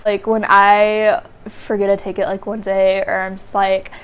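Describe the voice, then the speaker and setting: Young woman vlogging, rambly storytelling, says like a lot, mid pitch. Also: completely flat delivery, unhurried, clean tone. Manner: rambling, heavy use of "like" fillers. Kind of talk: casual storytelling to camera.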